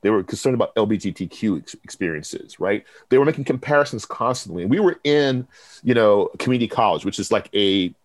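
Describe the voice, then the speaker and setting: A Texas man who works as a professor and program director speaks briskly in a fairly low voice, recorded dry. Telling stories in a conversational interview, he animatedly acts out what others said in lively quoted bursts.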